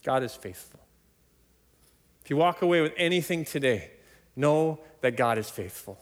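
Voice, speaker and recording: A man preaching a sermon, emphatic and animated, often laughing between points. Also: normal speed. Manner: animated, emphatic preaching with sudden loud high stresses. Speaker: pastor. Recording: long hall reverb.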